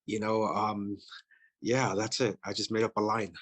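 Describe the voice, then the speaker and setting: A man's voice: fairly low pitch, level tone, unhurried, fairly bright tone. A man running for office, talking bluntly and profanely in a casual interview, with lots of "you know" fillers. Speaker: political candidate.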